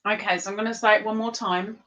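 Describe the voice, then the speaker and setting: A woman's voice: mid-range voice, fairly even intonation, fast, sharp tone, poor audio. A woman hosting an online trivia board game on her stream, chatting to viewers and sometimes talking with her mouth full. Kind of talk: casual live-stream chat.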